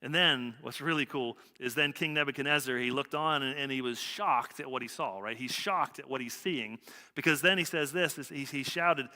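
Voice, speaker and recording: A man's voice: mid-range voice, moderate pace, bright, forceful tone. A man preaching a sermon as pastor, talking casually and conversationally and tagging lines with "right?". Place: church sanctuary. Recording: church hall reverb.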